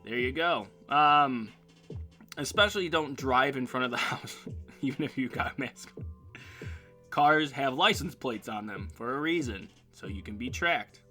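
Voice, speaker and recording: A man's voice: medium pitch, expressive, a little slow, pushed and bright, faint music behind. Joking man rambling on his solo show. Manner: rambling, jokey, reads sponsor ads in a hyped voice. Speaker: internet radio show host. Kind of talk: casual solo talk show.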